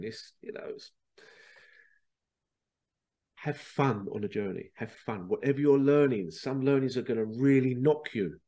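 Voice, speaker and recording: A man's voice: mid-range voice, a little mellow. A man hosting a solo podcast, rambling along, repeating words and asking rhetorical questions. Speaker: podcast host. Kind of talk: casual solo podcast monologue.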